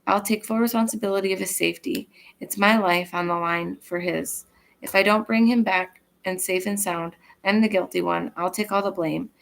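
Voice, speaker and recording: A woman reading the lines of a determined grown brother who vows to protect his sibling, in an earnest, steady reading voice. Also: mid-range voice, moderate pace, vocal fry, lightly acted, poor audio. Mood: pleading.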